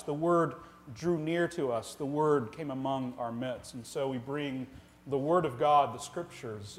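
A pastor delivering a sermon in a church sanctuary, his voice sitting a little high for a man. He is earnest, presses his points with rhetorical questions, and moves between loud emphasis and quiet, slowed lines.

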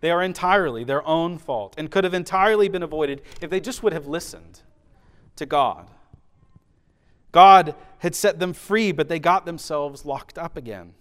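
A man preaching a sermon, swinging from loud declarations down to hushed, soft emphasis, with rhythmic repeated phrases. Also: fairly high pitch, normal speed. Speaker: pastor.

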